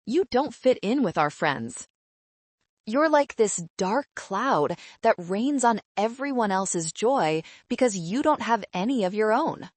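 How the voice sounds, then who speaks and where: A woman's voice: medium pitch, lively intonation, slow pace, no echo, voice pushed up. A woman voicing a scornful young bride-to-be who talks down to people in a sneering, condescending way.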